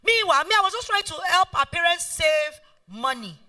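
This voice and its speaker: A high, very bright woman's voice with a Nigerian accent, delivering a motivational talk. She is middle-aged and emphatic, leaning on repeated phrases, and she rises and falls widely in pitch. She is heard from some distance from the mic. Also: big pitch swings, brisk. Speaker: event planner and guest speaker. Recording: voice heard from far off.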